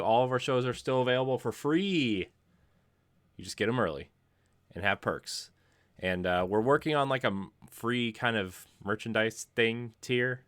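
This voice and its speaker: A man's voice: medium pitch, fairly bright tone, clear, resonant tone, dry recording. A man hosting a gaming podcast, rambling and self-deprecating with frequent laughs, tired from lack of sleep. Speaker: podcast host. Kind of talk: casual podcast chat and show plugs.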